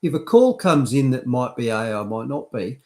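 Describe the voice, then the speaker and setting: Australian male host, animated intonation, casual commentary. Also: mid-range voice, normal speed. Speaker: podcast host.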